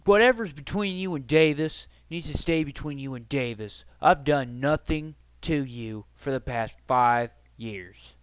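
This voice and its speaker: A man's voice: mid-range voice, measured pace, few pauses, clean tone, no room sound, natural voice. A man voicing his angry younger brother, who swears hard and threatens him over the phone. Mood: furious. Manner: profane, aggressive, confrontational.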